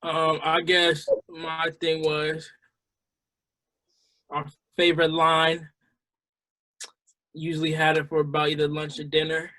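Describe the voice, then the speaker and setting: Young man, ex-counselor, slow joking chat, bright higher voice. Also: completely flat delivery, low-quality recording. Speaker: former camp counselor. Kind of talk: casual podcast chat.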